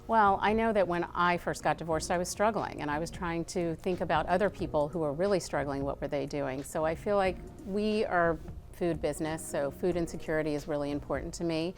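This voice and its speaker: A woman's voice: fairly low pitch, fairly quick. A woman, founder of a food brand, talking earnestly as a guest in a TV interview and saying "like" often. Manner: earnest, chatty, says "like" often.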